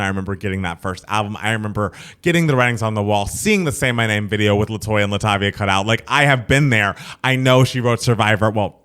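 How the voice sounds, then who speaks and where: A man's voice: fairly low pitch, fairly bright tone. A man co-hosting a podcast in casual chat, talking with enthusiasm as he reminisces like a fan. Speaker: podcast co-host.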